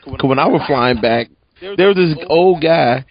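A man's voice: a little high, expressive, measured pace, dull audio. A man co-hosting a podcast, trading laid-back jokes in casual chat. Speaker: podcast co-host.

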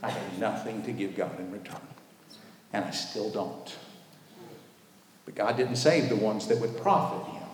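A man preaching a sermon in a church while the congregation answers him, leaning hard on key words and drawing them out slowly. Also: lowish voice. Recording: echoey hall with faint background noise.

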